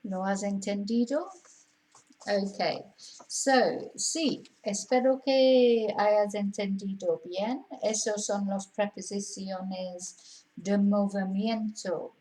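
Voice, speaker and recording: Slow, careful woman language teacher. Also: medium pitch, fairly even intonation, warm tone, poor audio. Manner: slow, careful explaining with repeated examples. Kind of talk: online language lesson.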